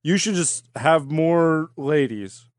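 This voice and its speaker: Higher-voiced man spinning absurd bits. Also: slow, no room sound, clean studio sound. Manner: spins absurd scenarios, puts on silly voices. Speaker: podcast co-host. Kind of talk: crude comedy banter.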